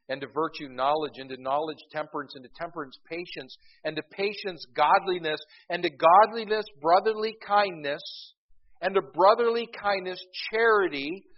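A man preaching a sermon in a conversational way, often repeating words as he goes and swelling louder for emphasis. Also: fairly high pitch. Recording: dull, lo-fi recording.

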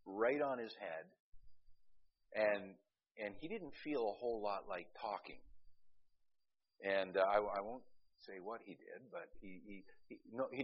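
A man preaching a sermon as pastor. He swings from quiet asides to loud, emphatic peaks and often restarts his words. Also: on the low side, slightly rough, lo-fi sound.

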